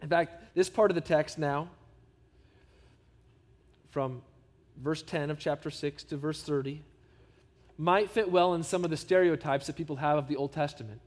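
A pastor with a high male voice delivers a sermon. He speaks in an earnest, emphatic way and keeps drawing the congregation in with rhetorical questions. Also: moderate pace, long reverb tail.

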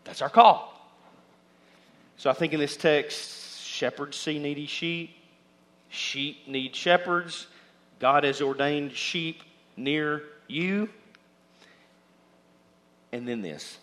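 A man preaching a sermon as pastor, speaking in turn for imagined listeners and his own thoughts, and building to loud, shouted exhortation. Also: fairly high pitch, expressive, takes it slowly, pauses often.

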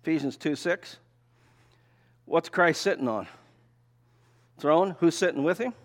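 A man's voice: a little high, a little slow. Older man preaching a folksy sermon. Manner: conversational, asks rhetorical questions; folksy, tells personal stories. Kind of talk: sermon with slides.

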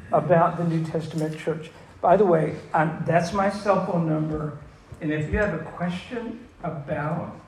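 Pastor, male, higher voice with some gravel, chatty and questioning, big echoey room. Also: a little mellow. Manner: conversational, questioning the audience, repeats himself. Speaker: pastor teaching a church class. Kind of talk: interactive sermon. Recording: roomy echo with faint room noise.

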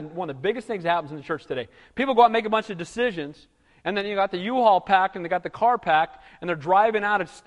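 A man's voice: high voice, big-room sound. A male pastor preaching a sermon, emphatic, often asking the congregation "Amen?" and filling with "you know".

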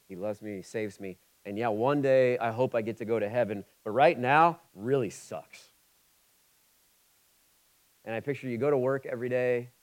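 A pastor around forty, raised in Ohio, preaching with a voice of middling pitch. He swings between loud urgent emphasis and quiet, close asides. Between scripture passages his tone turns loose, chatty and humorous. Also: low-quality recording. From Ohio, USA. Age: 40s. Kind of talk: sermon.

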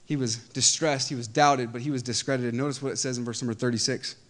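Impassioned pastor preaching. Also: male voice, medium pitch, fairly even intonation, fast talker. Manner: impassioned, builds to loud emphatic peaks, repeats phrases. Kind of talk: sermon.

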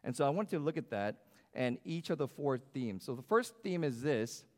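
A man's voice: medium pitch, lively intonation, normal speed, darkish tone. Man, pastor, sermon, conversational, asks the room questions, reverberant sanctuary. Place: church sanctuary. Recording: long hall reverb.

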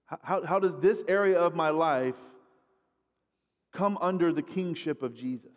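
A man's voice: on the high side, moderate pace, in a large hall. A man preaching a sermon in a conversational way, often repeating words as he builds his points. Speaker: guest preacher.

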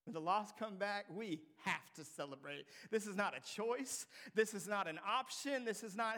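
A young adult man preaching a sermon, reading scripture and teaching from it, swinging from hushed lines to loud emphatic climbs. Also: high voice, expressive, moderate pace, hardly any pauses. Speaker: pastor.

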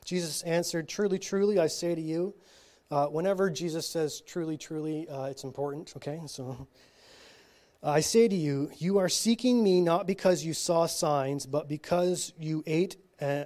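A man reading scripture slowly at a church teaching, breaking off for casual asides and frequent checks like "okay?". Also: a little high, a little mellow. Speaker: Bible study teacher.

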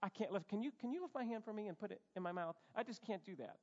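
A man's voice: sits high, expressive, very fast, darkish tone. A pastor voicing a lazy grown man who whines that he is too tired to lift his own hand. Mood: whiny. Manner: whiny, weary pleading. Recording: echoey hall, dull sound.

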